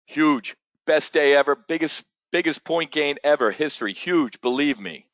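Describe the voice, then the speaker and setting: A man's voice: on the high side, animated, normal speed, a bit bright, dry recording. A man doing a boastful politician impression in short, choppy superlatives, on a dull, dry, lo-fi recording.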